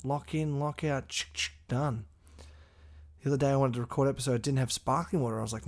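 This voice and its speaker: A man's voice: mid-range voice, quick pace. A sick man, hosting a blunt, sweary motivational podcast solo. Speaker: podcast host.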